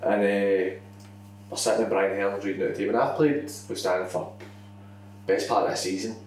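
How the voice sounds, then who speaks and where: A man's voice: lowish voice, level tone, moderate pace, a little mellow. A man telling a hesitant, laughing anecdote in casual chat. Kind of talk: casual podcast storytelling. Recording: echoey room, distant mic, faint hum.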